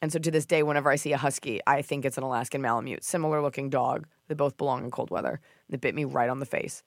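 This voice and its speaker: A woman's voice: very deep voice, fast talker, creaky, dry recording, studio quality. A woman hosting a podcast, chatting casually and joking, often dropping into mock voices. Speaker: podcast host. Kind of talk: comedic casual chat.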